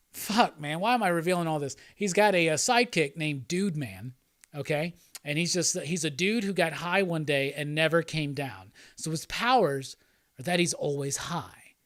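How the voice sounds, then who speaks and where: A man's voice: on the high side, fairly bright tone, no echo, studio quality. Rambling, profane male streamer. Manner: rambling and profane, with frequent laughs. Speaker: host. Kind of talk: casual livestream chat.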